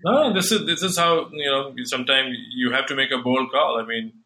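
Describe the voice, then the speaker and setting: A man's voice: medium pitch, fairly quick, sharp tone, low-quality recording. A man hosting a tennis podcast, chatting casually with many fillers and restarts. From United States. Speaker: podcast host.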